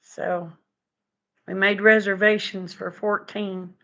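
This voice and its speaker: A middle-aged woman chatting with her viewers on a live stream from home, folksy and quick to laugh. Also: medium pitch, flat delivery, bright, forceful tone, dull audio. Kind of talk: casual chat with viewers. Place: home, indoors.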